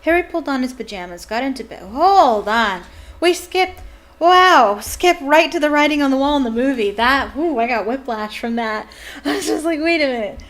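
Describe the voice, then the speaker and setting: A woman's voice: sits high, lively intonation, moderate pace, a bit bright. A woman reading a novel aloud, breaking off into enthusiastic, chatty commentary. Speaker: reader and fan commentator.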